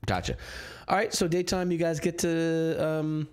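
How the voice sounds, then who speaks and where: A man's voice: a little high, fairly even intonation, a little slow, a little hiss or hum. A man running a tabletop game as game master, talking loosely and thinking aloud.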